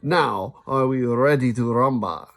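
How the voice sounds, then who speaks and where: A man's voice: mid-range voice, a little slow, close to an everyday voice. A man voicing a flirty male TV dance host with a purring Italian accent, in a storybook reading. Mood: purring showman. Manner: purring, showman-like.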